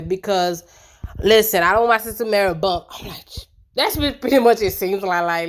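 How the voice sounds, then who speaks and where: A woman's voice: mid-range voice, animated, normal speed. A woman giving a casual, opinionated recap of a reality show, chatty and colloquial with lots of fillers.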